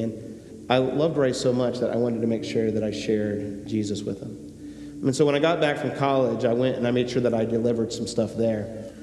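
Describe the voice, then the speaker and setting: Emphatic pastor preaching in an echoey hall. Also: male voice, mid-range voice, mellow. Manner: storytelling, acts out characters, rising to emphatic exhortation. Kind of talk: sermon. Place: church sanctuary. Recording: echoey hall with faint hum.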